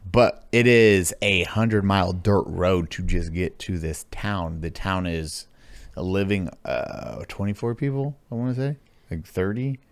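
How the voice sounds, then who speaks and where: A man hosting a podcast in casual chat, telling rambling, animated stories and swearing freely. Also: low voice, a little slow, no room sound. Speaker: podcast host.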